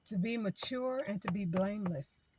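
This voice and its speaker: A woman's voice: mid-range voice, normal speed, noisy background. A woman giving spiritual advice in an informal, preaching way, talking in a chatty style that repeats phrases and acts out what other people say.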